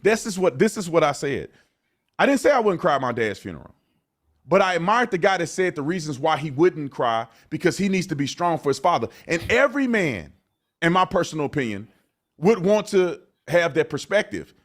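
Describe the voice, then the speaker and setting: A man explains his own point of view over clips, insistent and repeating himself. His voice is fairly high for a man and moves in a lively, animated way. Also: fairly quick. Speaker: commentator answering critics. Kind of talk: explanatory commentary.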